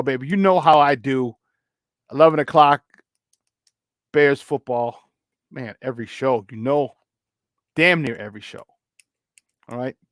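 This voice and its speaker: A man with a Chicago accent hosting a morning sports talk show, loose and joking as he gives hyped shout-outs to listeners. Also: medium pitch, no room sound, clean studio sound. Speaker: sports talk radio host.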